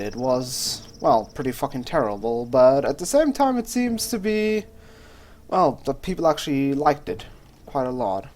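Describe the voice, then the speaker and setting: A man's voice: medium pitch, darkish tone, a little hiss or hum. A young man chatting casually over his gameplay as a let's play host, rambling, swearing freely and often trailing off mid-sentence. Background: faint game music.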